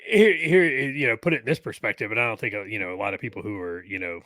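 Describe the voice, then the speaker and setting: A man with a bright, forceful voice chats freely on a podcast and often wanders off on tangents. His voice sounds dry and close, with no room sound. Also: on the low side, fast, no room sound. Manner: chatty, goes off on tangents with many fillers. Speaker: podcast co-host. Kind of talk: casual chat.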